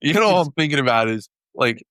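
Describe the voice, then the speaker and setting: A middle-aged retired detective telling travel stories in a laid-back, self-deprecating way. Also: male voice, medium pitch, animated, fast talker, fairly bright tone, dry recording, studio quality. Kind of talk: casual storytelling. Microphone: video call from home.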